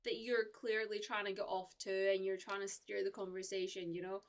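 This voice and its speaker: A woman's voice: mid-range voice, level tone, a little fast. A young woman from the UK chatting casually with viewers on a live stream, rambling with lots of fillers and restarts.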